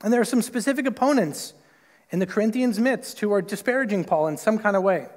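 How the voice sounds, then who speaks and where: Male pastor, conversational sermon delivery, acts out quotes, high-pitched, church with a long reverb tail. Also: quick pace, a little mellow. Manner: conversational, lots of "like" and "right?"; acts out quoted voices with big pitch jumps. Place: church sanctuary.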